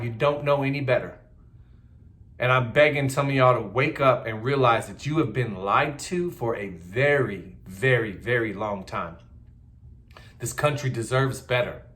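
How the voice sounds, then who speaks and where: A man's voice: mid-range voice, pushed and bright. Heated man ranting. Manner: blunt, heated, repetitive. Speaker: political commentator. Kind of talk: casual political rant.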